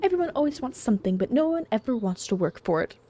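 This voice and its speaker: A woman voicing a shrill, haughty queen bee who scolds and looks down on everyone in a video game. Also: sing-song, fast, dark tone, a little hiss or hum. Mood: scolding. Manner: imperious, scolding.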